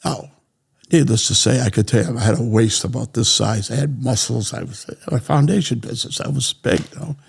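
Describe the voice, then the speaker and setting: Gravelly, husky man. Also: medium pitch, a little fast. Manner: blunt, profane, animated anecdote-telling. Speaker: interview guest. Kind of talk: casual storytelling.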